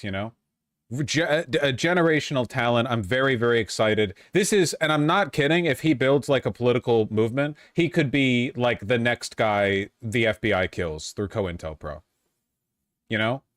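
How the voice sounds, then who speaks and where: A man's voice: medium pitch, no room sound, clean studio sound. A man giving rambling, sarcastic reaction commentary on a livestream. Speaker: streamer commentator.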